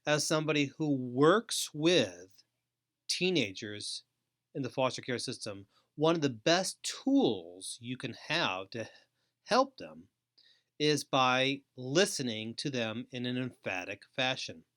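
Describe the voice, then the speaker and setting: A middle-aged man hosting a training webinar, speaking in a deliberate, emphatic way with frequent pauses. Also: mid-range voice, very animated, fairly bright tone. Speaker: host and trainer.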